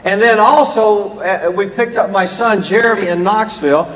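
A man's voice: high voice, normal speed, a bit bright, big-room sound, low-quality recording. An older man from the American South with a Southern drawl, giving a guest preacher's rambling, folksy opening remarks in a church. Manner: rambling, folksy, self-deprecating. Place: church hall.

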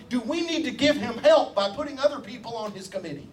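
High-voiced preacher, distant and emphatic. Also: male voice, expressive, fairly quick, hardly any pauses. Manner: emphatic, rhetorical questions and repetition; folksy humor. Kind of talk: sermon. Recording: distant mic with faint background noise.

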